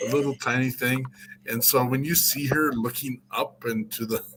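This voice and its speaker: A man's voice: medium pitch, steady tone, moderate pace, a crowd in the background, poor audio. A man co-hosting a casual online debrief, talking in a dry, teasing way. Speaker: co-host. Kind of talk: casual chat.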